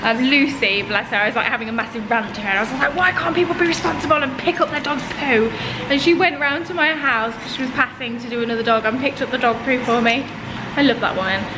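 A young woman talking casually to camera in a vlog, chatty and expressive, often exasperated. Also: on the high side, fast talker, background noise. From United Kingdom. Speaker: lifestyle vlogger.

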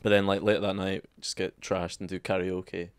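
A man's voice: deep voice, level tone, a little fast, clear, resonant tone, dry recording. A man, a stand-up comedian co-hosting a podcast, chatting in a sweary, self-mocking way. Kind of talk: casual chat.

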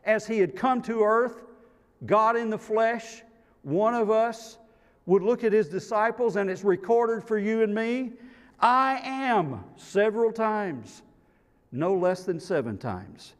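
Slow-preaching man in a reverberant sanctuary. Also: high-pitched. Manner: slow, emphatic preaching that swells loud and drops to near hush. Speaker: pastor. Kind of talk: sermon. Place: church sanctuary. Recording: long reverb of a church sanctuary.

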